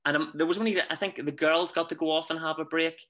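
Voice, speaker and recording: Bright-voiced Northern Irish man. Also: a little high, fast talker. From Northern Ireland. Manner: animated storyteller, chuckles often. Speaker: guest, musical theatre actor. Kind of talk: casual interview chat.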